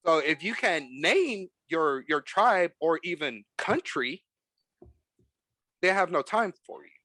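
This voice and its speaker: A man hosting a casual podcast chat, talking in an animated, emphatic way. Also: fairly high pitch, takes it slowly, no echo. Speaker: podcast host.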